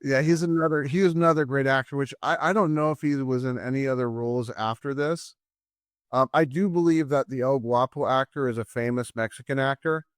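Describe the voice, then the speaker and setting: An easygoing man co-hosts a casual movie-review chat from home, thinking aloud and doubling back on his words. His voice sits at a middle pitch and sounds dry and close to the mic. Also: fairly quick, dry recording. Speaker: podcast co-host.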